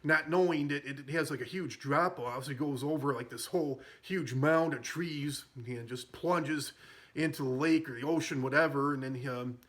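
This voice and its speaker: A man retells a film in a loose, rambling way. His voice sits a little high and sounds bright and forward. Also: normal speed. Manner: rambling, with many fillers and restarts. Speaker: film reviewer. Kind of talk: casual film recap.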